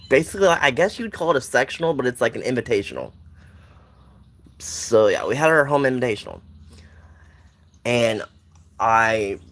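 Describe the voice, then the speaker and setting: In a fairly low, fairly bright voice, a young man recounts something that happened to him. The telling is loose and meandering, with many restarts and asides.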